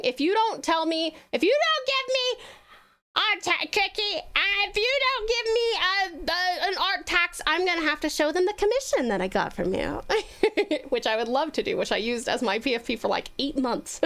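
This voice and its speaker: A woman's voice: high-pitched, animated, normal speed, fairly bright tone. A woman with an Australian accent chatting casually on a live stream, bubbly and gushing with lots of fillers.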